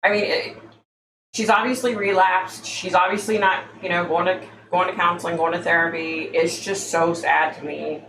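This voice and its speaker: A woman's voice: lowish voice, steady tone, normal speed, fairly bright tone. A woman hosting a casual psychic livestream, chatty and exasperated, calling her listeners y'all. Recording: echoey room, faint background noise.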